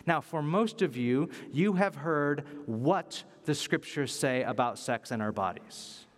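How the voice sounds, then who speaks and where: Preacher, male, slightly high voice, conversational but emphatic sermon delivery, repeats key points, long reverb of a big hall. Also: animated, measured pace.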